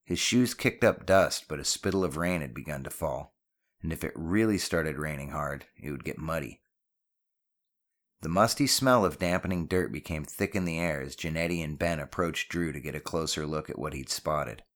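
Brief: male audiobook narrator, very low voice, steady and measured.

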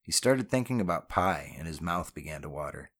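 Deep-voiced male audiobook narrator. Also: lively intonation, a little fast, a bit bright. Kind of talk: scripted narration.

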